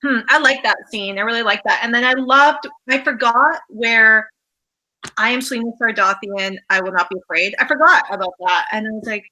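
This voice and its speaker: A woman's voice: on the high side, a little fast, sharp tone, rough recording. A Canadian woman chatting about a book on a video call, rambling and enthusiastic with many fillers. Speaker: guest on a book live show. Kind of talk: casual chat.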